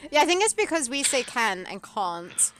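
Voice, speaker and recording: A game developer chats on a stream in a teasing, giggly way. Her voice is bright, and her pitch swings widely as she talks. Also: sing-song, normal speed, soft background music. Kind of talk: casual chat on a dev stream.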